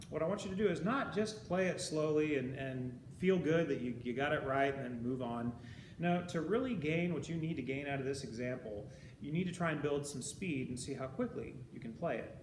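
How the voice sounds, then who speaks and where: A patient male band teacher walks students through a rhythm exercise and counts the beats out loud as he goes. His voice rings around a reverberant room. A steady hum of background noise sits under him. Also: mid-range voice. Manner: patient, explains step by step and counts beats aloud. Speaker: high school band teacher. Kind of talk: recorded music lesson.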